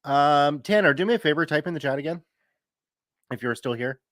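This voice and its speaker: A man in his 30s, a streamer and story reader, chats casually on a live stream, reading viewer comments aloud and laughing easily. His voice is on the high side, lively and fairly bright, and a little fast. The sound is clean studio quality with no room sound.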